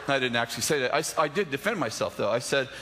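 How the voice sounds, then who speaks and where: A man's voice: mid-range voice, very noisy. A man telling a personal story in a sermon, self-deprecating, acting out the dialogue with many restarts. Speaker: pastor.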